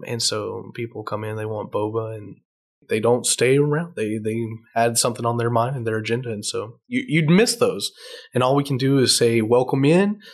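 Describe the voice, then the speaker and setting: A man's voice: medium pitch, fairly even intonation, normal speed. A man, a tea shop owner, earnestly telling customer stories in a podcast interview. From Texas. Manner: earnest storyteller, frequent restarts.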